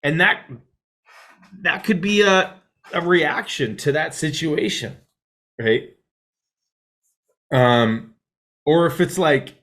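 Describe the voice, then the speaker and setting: A man teaching a mindfulness class in a casual, rambling way, often checking in with "right?" and dropping to a soft hush to guide the breath. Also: on the high side, takes it slowly, long pauses. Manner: drops to a soft hush when guiding breath.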